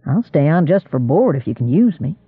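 A man's voice: a little high, big pitch swings, brisk, slightly rough, no echo, phone-quality sound, exaggerated voice. A man reading an audiobook and voicing a meek, weary young drifter.

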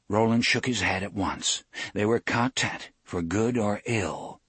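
A man narrating an audiobook in a measured, deliberate way. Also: lowish voice, fairly bright tone, husky, no room sound.

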